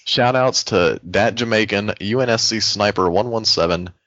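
A man's voice: on the low side, moderate pace, fairly bright tone, no echo, muffled recording. A man co-hosting a casual gaming podcast, joking and laughing as he reads out a listener message. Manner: joking, laughs often, playful. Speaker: podcast co-host reading listener mail. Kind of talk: casual group podcast chat.

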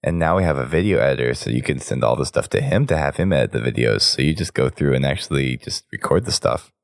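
Deep rumbling, gravelly and hoarse, this man hosts a casual podcast, talking his listeners through plans at an easy ramble. His voice sits at the very bottom of the range with lots of fry. It's recorded dry and close on a podcast mic. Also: lively intonation, quick pace, no room sound. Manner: talkative, rambling sign-off. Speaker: podcast host.

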